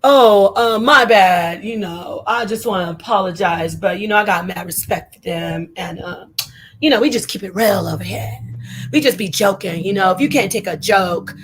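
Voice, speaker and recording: A woman putting on a low, mumbling voice to mock a man's half-hearted apology. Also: normal speed, a little hiss or hum, close to an everyday voice. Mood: dismissive. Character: lazy, dismissive man giving a half-hearted apology.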